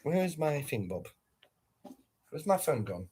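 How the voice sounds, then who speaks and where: A man's voice: on the high side, big pitch swings, takes it slowly, a little mellow, husky. A man hosting a livestream, chatting casually and talking straight to his viewers. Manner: chatty, addresses viewers directly. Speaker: livestream host.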